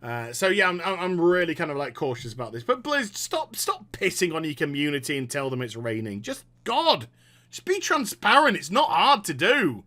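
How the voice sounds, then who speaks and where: A man's voice: on the high side, very animated, normal speed, pushed and bright. A man giving a profane, exasperated reaction commentary as a gaming vlogger, sarcastic and cutting.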